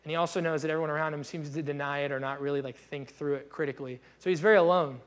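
Lively, conversational young male pastor. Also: on the high side, very fast. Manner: casual, conversational preaching with lively acted-out asides. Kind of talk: sermon.

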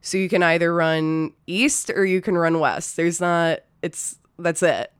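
A woman's voice: lowish voice, unhurried, smooth, no echo, clean studio sound. A woman telling a personal story from her restaurant job in a loose, profane, casual way, full of fillers like "you know" and "like". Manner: loose and profane, many fillers, nervous laughs. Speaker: storyteller, former restaurant server. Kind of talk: casual spoken anecdote.

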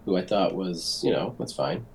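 Hesitant low-voiced man, faint noise. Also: moderate pace. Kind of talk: casual chat.

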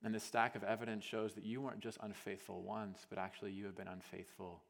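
Male preacher, storytelling sermon, dramatic hush-to-loud swings, casual fillers, long hall reverb. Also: on the low side, fast talker, gravelly. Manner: animated, acts out scenes, swings from hushed to loud.

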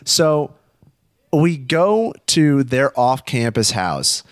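Man, young adult, casual storytelling, animated, profane, dry sound. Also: medium pitch, extremely slow, no room sound. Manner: animated, swears often, acts out quotes.

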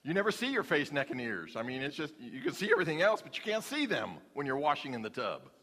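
Male pastor, folksy humorous sermon, high pitch, echoing sanctuary. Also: very animated, fast, pushed and bright. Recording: long hall reverb.

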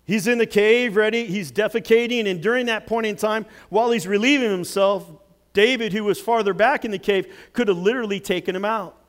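High-pitched guy preaching, big dramatic swings loud to quiet while telling the story. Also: a little fast. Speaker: pastor. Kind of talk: sermon.

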